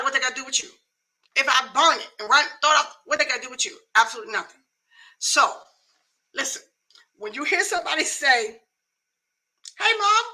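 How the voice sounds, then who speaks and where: A woman's voice: sits high, bright, forceful tone, rough recording. A middle-aged woman hosting a live talk show, giving emphatic, folksy advice in a casual, preachy way.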